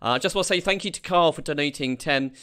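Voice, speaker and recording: A man hosting a live panel, reading out viewer questions and donations in a halting way. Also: a little high, pushed and bright, clear, resonant tone. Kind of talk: live-stream moderating.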